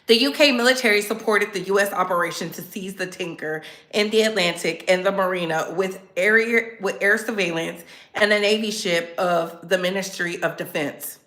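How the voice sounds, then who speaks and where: A woman hosting her own commentary channel, talking straight to her viewers in a sassy, animated way. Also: mid-range voice, normal speed, roomy sound. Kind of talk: casual commentary.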